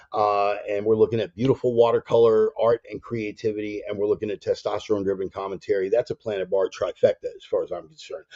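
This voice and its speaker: A man's voice: lowish voice, mellow. A man hosting a casual spoken sermon, blunt and slangy, drawing out phrases for emphasis. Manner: emphatic, drawls some phrases. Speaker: preacher and show host. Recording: dull lo-fi sound.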